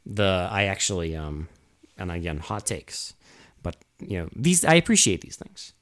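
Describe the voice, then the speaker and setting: A man's voice: low-pitched, sing-song, moderate pace, fairly bright tone. A man co-hosting a casual movie review podcast, exasperated and rambling, with frequent swearing. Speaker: podcast co-host.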